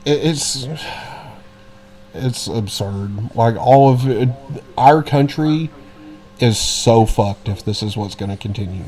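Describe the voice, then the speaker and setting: A man's voice: medium pitch, slow, a little mellow. Blunt, profane man. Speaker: podcast co-host. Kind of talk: casual podcast banter.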